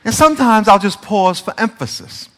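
A male pastor preaching a conversational sermon, shifting between soft, confiding passages and emphatic peaks. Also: high-pitched, big pitch swings, normal speed, a little hiss or hum. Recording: reverberant church hall sound.

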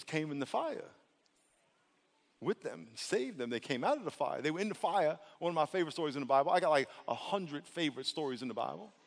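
A man preaching a sermon as pastor, animated and acting out voices in his stories. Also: on the high side, in a large hall.

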